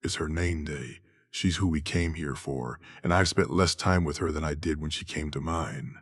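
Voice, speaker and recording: A regretful, earnest young hero in a fantasy audiobook, read by a man. The voice is low and husky, the delivery slow, the sound dry and close. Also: fairly bright tone, no room sound, heavily acted.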